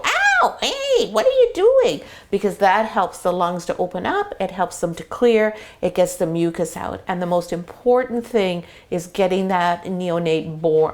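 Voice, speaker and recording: A middle-aged woman, a dog breeder, explaining puppy care in a chatty, step-by-step way while sitting in a whelping box indoors. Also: lowish voice. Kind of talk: casual explainer video.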